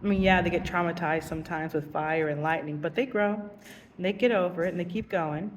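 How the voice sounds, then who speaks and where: Young woman, teacher, casual vlog storytelling, animated, far from the mic, reverberant. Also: fairly low pitch, brisk, a little hiss or hum. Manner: animated, giggly, acts out voices in quotes.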